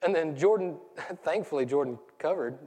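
Rambling Southern pastor in a reverberant hall. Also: male voice, a little high, expressive, normal speed, mellow, slightly rough. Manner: rambling, self-deprecating, laughs at own stories. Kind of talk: casual conversational sermon. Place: church sanctuary. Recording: church hall with long reverb.

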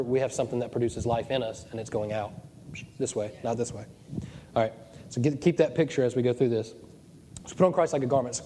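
A man's voice: mid-range voice, mellow, a little hiss or hum. A man preaching a sermon as pastor of his church, joking and digressive as he goes. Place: church hall. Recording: long church reverb.

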